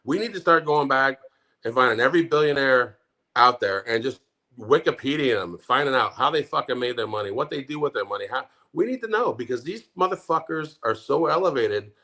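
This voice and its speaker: A middle-aged man with a bright, edgy tone rants and swears his way through a casual podcast chat. He sounds fed up and heated as he talks. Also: mid-range voice, animated, a little fast. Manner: angry, profane ranting. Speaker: podcast co-host.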